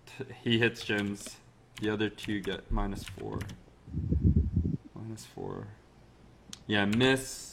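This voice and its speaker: A man with a low voice runs a tabletop game as its master, describing the action in a loose, rambling manner. He talks casually and lets out the odd chuckle, over a faint hiss. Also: steady tone, slow, gravelly, pauses often.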